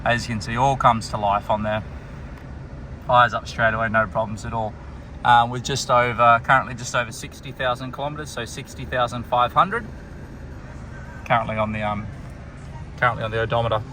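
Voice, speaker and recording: An Australian man working as a car salesman talks through a vehicle tour in an easy, matter-of-fact way. His voice is bright and forward at a middling pitch. He is recorded on a camera mic around and inside a car, with a faint hum of outdoor noise behind him. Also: fairly quick, long pauses. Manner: relaxed, plain-spoken, pointing things out as he goes. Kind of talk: walkaround car video tour.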